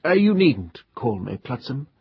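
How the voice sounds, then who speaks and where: A man voicing a tipsy, pompous middle-aged gentleman who speaks with exaggerated, sing-song civility. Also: mid-range voice, big pitch swings, normal speed, breathy edge, no room sound, pitched above the performer's own voice, heavily acted. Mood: tipsy, genial. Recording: dull lo-fi recording.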